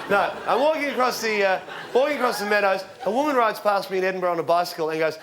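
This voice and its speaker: An Australian man in his forties doing stand-up comedy, telling rambling deadpan stories with sudden shouted punchlines. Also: sits high, quick pace, background noise. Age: 40s. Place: theatre stage with live audience. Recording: live show with loud crowd laughter.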